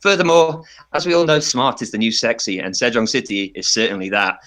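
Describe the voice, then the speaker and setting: A man on a podcast giving a playful, tongue-in-cheek pitch and laughing often. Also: brisk, fairly bright tone. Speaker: podcast panelist. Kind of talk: mock campaign pitch.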